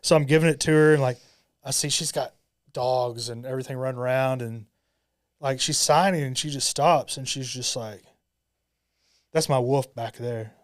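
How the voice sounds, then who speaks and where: Clear-voiced man spinning a story. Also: medium pitch, normal speed. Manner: storyteller acting out quoted dialogue. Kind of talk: casual podcast chat. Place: podcast studio.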